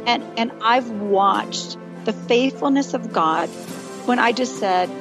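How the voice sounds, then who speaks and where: A woman guest author speaking in an earnest, animated way as she shares her experience. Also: fairly high pitch, slow, music in the background. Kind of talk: interview, testimony.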